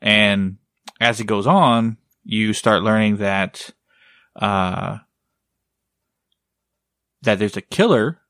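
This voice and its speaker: A man's voice: on the low side, extremely slow, long pauses, fairly bright tone, no room sound, clean studio sound. A man chatting casually as a podcast co-host, rambling, leaning on "like" and "right?", and swearing now and then. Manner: rambling, heavy use of "like" and "right?". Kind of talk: casual chat.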